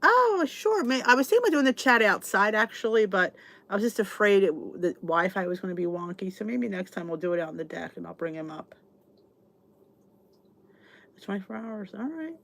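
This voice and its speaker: A middle-aged American woman talks straight to her viewers in a loose live chat. Her voice sits at an ordinary middle pitch, and she rants with restarts and asides. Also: lively intonation, a little fast, vocal fry, fairly bright tone. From United States. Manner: chatty and exasperated, ranting with restarts. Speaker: channel host. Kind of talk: casual live chat reading comments.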